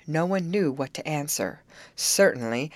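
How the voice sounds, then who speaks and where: Low-voiced woman reading a novel aloud. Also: expressive, a little slow, dry recording. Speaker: audiobook reader. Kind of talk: scripted narration.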